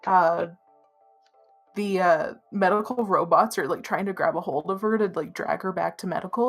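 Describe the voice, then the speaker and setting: A woman's voice: lowish voice, normal speed, soft background music. A woman narrating as game master of a tabletop game, talking in a hesitant way with many fillers.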